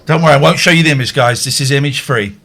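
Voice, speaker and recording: A man hosting a live stream, giving excitable play-by-play commentary on a video and shrieking at the grisly parts. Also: mid-range voice, racing, noisy background. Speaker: radio and stream host.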